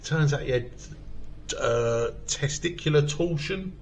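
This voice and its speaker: A man's voice: fairly high pitch, takes it slowly, slight background noise. A man hosting a comedy podcast, telling a rowdy story in casual chat and swearing freely. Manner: swears a lot, loud storytelling with acted quotes. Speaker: podcast host.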